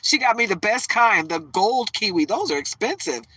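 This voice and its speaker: A woman speaks on a casual livestream, her voice bright and forceful. She rambles through a chatty, emotional story from a parked truck. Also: on the high side, lively intonation, normal speed, dry recording, poor audio. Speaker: tarot reader livestreaming.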